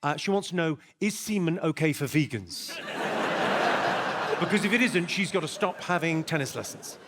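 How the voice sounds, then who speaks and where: Stand-up guy, high voice, dry mock-stern lecturing, noisy live crowd. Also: lively intonation, moderate pace. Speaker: stand-up comedian. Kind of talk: stand-up comedy set. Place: large theater stage. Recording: live show with loud crowd laughter.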